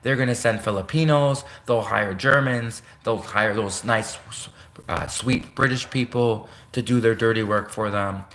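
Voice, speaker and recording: A Canadian man with a fairly low, slightly bright voice speaks a little slowly as he rambles on a livestream. He corrects himself as he goes and addresses a public figure directly.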